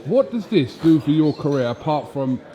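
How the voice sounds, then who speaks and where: A man's voice: a little high, big pitch swings, moderate pace, dark tone, dull audio. A man interviewing a boxer, asking probing, challenging questions. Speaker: boxing interviewer. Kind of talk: casual press interview.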